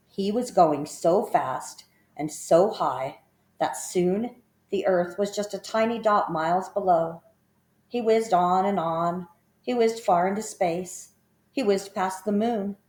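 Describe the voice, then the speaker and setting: A woman reading a children's story aloud in an expressive, measured storytelling manner. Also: fairly low pitch. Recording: roomy echo.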